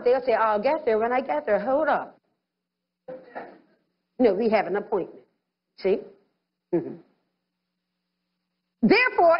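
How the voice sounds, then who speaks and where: A woman's voice: high voice, dull audio. A woman pastor preaching a sermon, acting out little voices of others as she goes.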